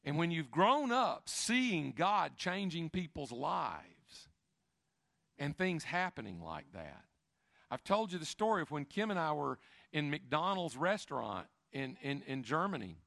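A middle-aged man preaching, telling stories in an animated way that swings between hushed asides and loud, emphatic bursts. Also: on the high side, a little slow, gravelly, no echo, clean studio sound. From Chattanooga, Tennessee. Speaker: pastor. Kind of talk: sermon storytelling.

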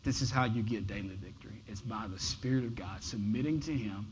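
A pastor preaching a sermon, shifting from loud, emphatic lines to soft, near-whispered ones and often repeating words as he starts a phrase. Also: lowish voice, brisk, slight background noise, poor audio.

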